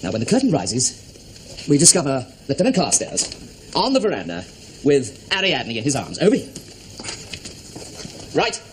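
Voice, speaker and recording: An actor playing a fussy, theatrical amateur theatre director who stammers often, on an old TV soundtrack. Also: male voice, mid-range voice, huge pitch swings, moderate pace, long pauses. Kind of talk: sitcom acting. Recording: noisy old TV audio.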